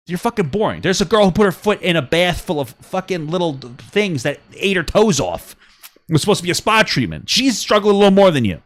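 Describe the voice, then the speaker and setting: A man co-hosting a podcast, ranting with a lot of swearing and swinging between low mutters and yelling. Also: no room sound. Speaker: podcast co-host. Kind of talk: casual podcast chat.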